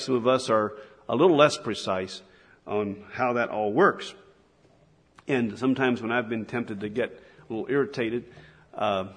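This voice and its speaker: Husky man preaching in a reverberant hall. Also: medium pitch. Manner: earnest, conversational, frequent restarts. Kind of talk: sermon. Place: church hall.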